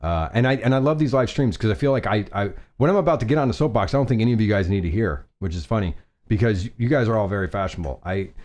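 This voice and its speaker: A man's voice: fairly low pitch, expressive, fast, darkish tone. A man hosting a casual fashion live stream, chatty and rambling, often restarting and laughing at himself.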